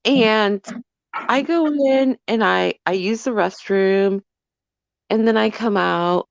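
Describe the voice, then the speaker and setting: A middle-aged woman hosting a casual chat, telling a story in an animated, emphatic way. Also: medium pitch, slow pace, gravelly, no echo. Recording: dull lo-fi dry audio.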